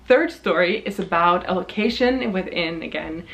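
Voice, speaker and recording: A woman's voice: lowish voice, a little slow. Young woman telling stories. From Norway. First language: Norwegian. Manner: animated, laughs often between lines. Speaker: vlogger. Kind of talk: casual storytelling.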